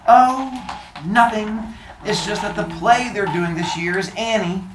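A woman's voice: medium pitch, unhurried, recorded from a distance, noisy background, pitched above the performer's own voice, natural voice. A teacher voicing a sarcastic jealous schoolgirl. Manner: sarcastic, exasperated. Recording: echoey classroom with children's chatter.

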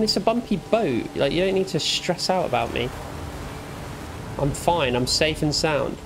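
A man's voice: fairly high pitch, expressive, a little slow, noisy background. A young man giving playful let's play commentary, teasing and talking back to the game's characters. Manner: jokey, teasing, talks back to game characters. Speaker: gamer.

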